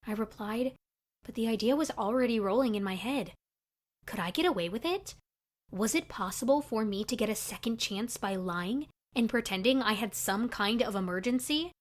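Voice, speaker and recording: A young woman narrating her own story in a chatty, confessional, scripted style for an animated video. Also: a little high, normal speed.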